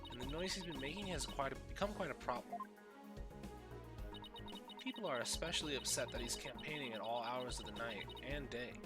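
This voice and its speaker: A helpful, formal village local, read by a man in his own voice. His pitch sits in the middle. Loud game music plays under him. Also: a little fast, natural voice. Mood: polite. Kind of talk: reading game dialogue aloud.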